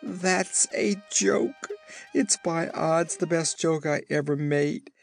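A man's voice: on the high side, sing-song, a little slow, vocal fry, soft background music, pitched above the performer's own voice, heavily acted. A man voicing a proud, joke-cracking young male Horner in a gleeful, boastful manner.

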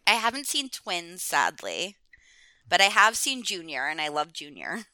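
A woman's voice: lowish voice, big pitch swings, a little slow, bright, forceful tone, no echo. A woman chatting casually as a podcast guest. She rambles, fills her talk with "like," and laughs often. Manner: rambling, many "like"s, frequent laughs. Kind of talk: casual chat.

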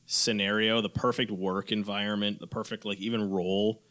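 Joking man with a bright voice. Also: fairly low pitch, little pitch movement. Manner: joking interjections and quick reactions. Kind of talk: casual chat.

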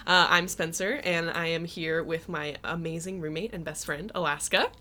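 A woman in her twenties co-hosting a true crime podcast, chatting casually with quick, playful quips and a steady stream of "yeah" and "mm-hmm.". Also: lowish voice. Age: 20s. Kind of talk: casual chat.

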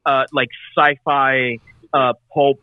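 A man's voice: medium pitch, flat delivery, takes it slowly, no room sound. A man co-hosting a casual podcast chat, reading out lists with many hesitations. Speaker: podcast co-host. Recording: tinny phone-like line.

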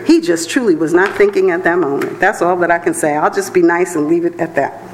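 A woman church elder preaching a sermon in a conversational, animated way, often breaking into laughs. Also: on the low side, fairly quick, background noise.

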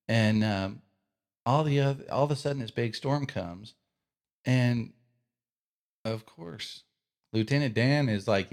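A man with a Texan accent, co-hosting a casual faith podcast and retelling a movie scene with animated storytelling. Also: fairly low pitch. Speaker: podcast co-host.

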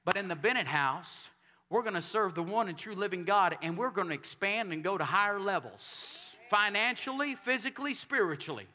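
With a high, expressive voice at a moderate pace, a pastor from Texas delivers a sermon in a church sanctuary. His storytelling builds until he is shouting for amens.

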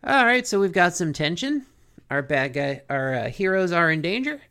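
A podcast host recapping a cartoon episode in a joking, animated way. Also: medium pitch, moderate pace, smooth. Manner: animated, joking, self-questioning.

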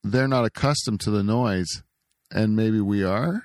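A man's voice: lowish voice, a little slow, dry recording, studio quality. A middle-aged man hosting a casual chat, telling stories with exaggerated disgust. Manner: animated storyteller, exaggerates with disgust.

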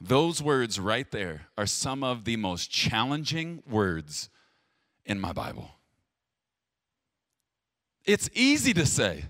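A male pastor delivering a sermon straight to his viewers, with a lively voice that leaps up for emphasis and sinks low and quiet. His sound is close and dry, with no room around it. He talks plainly and directly. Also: slow pace, long pauses, no room sound. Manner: emphatic, swinging from loud stresses to hushed low lines.

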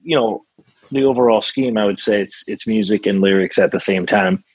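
A man with a husky, fairly low voice chats loosely as a songwriter guest, full of fillers and restarts. The recording is dry and close, with no room sound. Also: moderate pace, dry recording, rough recording. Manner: rambling, with many fillers and restarts. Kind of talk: casual interview conversation.

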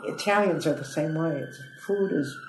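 A woman, a comedian telling stories in an interview with a chatty, lively manner that swoops up for emphasis. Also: sits low, normal speed, background noise. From United States (Ohio). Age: 80s. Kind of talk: animated interview storytelling. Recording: echoey room.

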